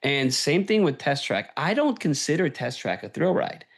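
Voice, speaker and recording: With a slightly high, sing-song voice at normal speed, this podcast host chats casually and eagerly, often tacking "right?" onto the ends of his points.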